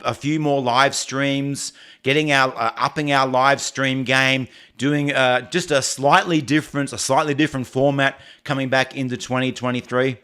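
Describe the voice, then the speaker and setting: An Australian man hosting a casual livestream, chatting and answering viewer comments in a halting way, often restarting and repeating phrases. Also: mid-range voice, pushed and bright, clear, resonant tone. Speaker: livestream host.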